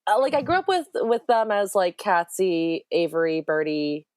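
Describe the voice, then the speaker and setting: A woman's voice: lowish voice, very animated, moderate pace, a little mellow, clear, resonant tone, no echo, studio quality. A woman guest on a podcast, chatting casually and enthusiastically, rambling and often laughing. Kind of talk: casual chat.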